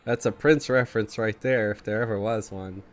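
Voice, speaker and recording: A man's voice: fairly low pitch, fairly even intonation, fairly quick. A man with a stuffy, congested morning voice, casually chatting with viewers while streaming a game and reading chat aloud. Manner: laid-back, chuckling, reads chat aloud.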